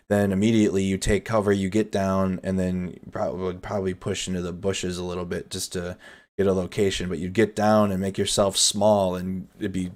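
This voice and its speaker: A somewhat low-voiced man talks over footage on a live stream in a casual, chatty, energetic way. He comments freely and addresses viewers directly as the host. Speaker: host of nightly war update stream.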